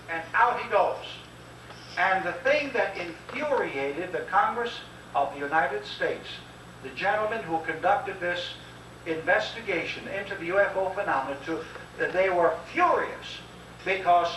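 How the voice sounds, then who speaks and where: A man's voice: high voice, a little slow, bright, forceful tone, a little hiss or hum. A man giving an impassioned public lecture, emphatic and preacher-like, urging listeners to answer aloud. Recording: old echoey VHS tape from far off.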